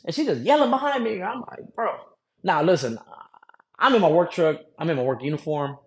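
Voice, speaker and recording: A man's voice: fairly high pitch, brisk. A man hosting a podcast, telling a story in a casual, profane, slangy way. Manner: profane, slangy, animated retelling. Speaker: podcast host.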